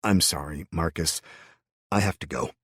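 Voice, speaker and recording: A man's voice: low-pitched, moderate pace, a bit bright, slightly rough, no room sound, clean studio sound, exaggerated voice. A man voicing the young hero of an audiobook, who speaks in a wry, reassuring way.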